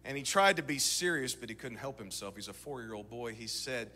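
A man in his thirties preaching a sermon, moving between shouted exhortation and quiet storytelling. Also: mid-range voice, a little fast, slight background noise. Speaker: pastor. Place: church sanctuary. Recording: church sanctuary reverb.

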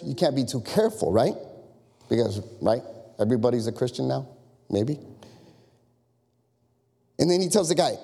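A man preaching a sermon as pastor, animated and conversational, full of rhetorical questions. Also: mid-range voice, moderate pace, pauses often, big-room sound.

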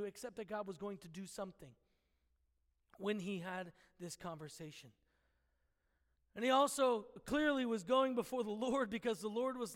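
A man's voice: extremely high pitch, fairly bright tone, long reverb tail. A man preaching a sermon, earnest and teaching, with playful asides where he chuckles at the story.

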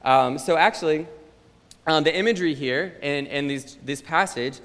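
A man preaching a sermon in a relaxed, conversational way, telling a personal story with plenty of ums and uhs. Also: a little high, normal speed. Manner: conversational, relaxed, frequent um and uh fillers. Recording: long hall reverb.

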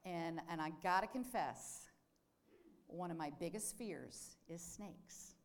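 A woman's voice: fairly low pitch, slow. A woman, a nurse, giving a devotional talk, telling a story and asking her listeners questions. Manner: animated storyteller who asks the audience questions. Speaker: nurse speaking to a group.

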